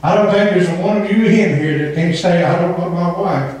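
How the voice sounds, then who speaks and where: High-voiced preacher with a twang. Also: male voice, moderate pace, a little mellow. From Southern Indiana. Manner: fervent, emphatic preaching with frequent amens, breaking into sung phrases. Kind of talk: sermon. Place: church sanctuary. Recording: echoey church hall from far off.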